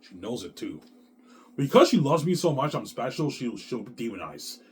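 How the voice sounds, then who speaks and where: Man, 30s, vlogger. Agitated, repetitive, swears constantly, with pitch swinging wide between loud outbursts and low mutters. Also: sing-song, moderate pace, breathy edge. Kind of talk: rambling monologue to camera.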